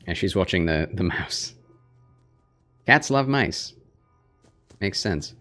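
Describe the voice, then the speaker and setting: A man's voice: low voice, lively intonation, takes it slowly, long pauses, sharp tone, soft background music. A man streaming a horror game for his chat, chatting casually and cooing at his cat. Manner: talks baby talk and whispers to his cat. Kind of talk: casual gameplay livestream chat.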